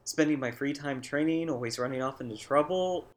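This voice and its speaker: A woman voicing a gentle, earnest young man in a lowered, soft voice. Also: fairly quick. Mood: sincere.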